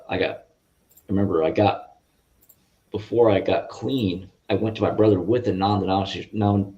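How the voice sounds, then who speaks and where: Guest man, low-pitched, earnest and halting, on a dull lo-fi video call line. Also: a little mellow. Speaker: interview guest. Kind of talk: personal faith testimony. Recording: muffled lo-fi audio.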